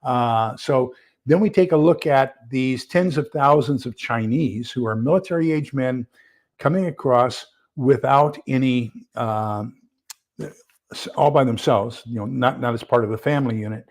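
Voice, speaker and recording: A man talks loosely on a live stream, his mid-pitched voice carrying a gravelly edge. He drifts and circles back with lots of fillers while reading aloud and wrestling with screen sharing. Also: measured pace. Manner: rambling, filler-heavy, reads aloud while fumbling with screen share. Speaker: livestream host. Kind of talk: casual live-stream commentary.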